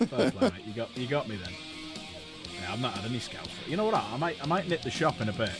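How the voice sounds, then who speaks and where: A man's voice: medium pitch, very animated, fairly quick, music in the background. A man hosting a casual live stream, chatty and jokey, often repeating himself. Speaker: streamer host.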